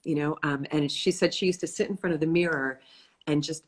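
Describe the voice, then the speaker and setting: A woman's voice: deep voice, steady tone, brisk. A woman hosting a casual live video conversation, talking thoughtfully and reflectively. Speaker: host. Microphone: live video call.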